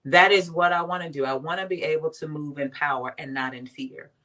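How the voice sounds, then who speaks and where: A woman from Washington, D.C., appearing as a guest on a faith talk show, tells stories in an emphatic, animated way and acts out the quotes. Her voice is deep and her speech a little fast.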